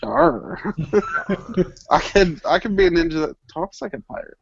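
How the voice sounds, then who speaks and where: A man's voice: a little high, fast, slight background noise. A man chatting as a podcast guest, joking and laughing easily. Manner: jokey, laughing often. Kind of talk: casual chat. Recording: slightly muffled podcast audio.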